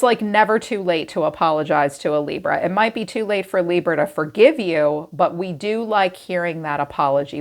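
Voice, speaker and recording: A woman giving a casual tarot reading to camera, chatty and frank, who swears and laughs easily. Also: fairly low pitch. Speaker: tarot reader.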